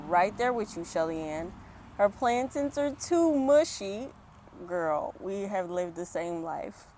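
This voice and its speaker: Woman, mother, reading aloud, chatty, self-mocking, mid-pitched, dogs faintly barking. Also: a little hiss or hum. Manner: chatty asides, laughs at herself. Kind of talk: reading a picture book aloud. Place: home. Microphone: external microphone.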